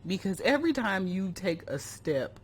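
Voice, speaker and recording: Youtuber reading their old story out loud and roasting it, laughs a lot, super animated pitch. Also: normal speed, slightly rough. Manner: self-mocking, laughs often, breaks into reading. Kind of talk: casual commentary on a story game.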